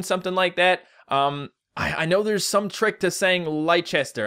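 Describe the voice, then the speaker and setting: A man's voice: high-pitched, normal speed, few pauses, bright, forceful tone, clean tone. Upbeat young man from Newfoundland. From Newfoundland, Canada. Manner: upbeat, chatty, earnest. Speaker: gaming YouTuber. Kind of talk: casual comment-reading vlog.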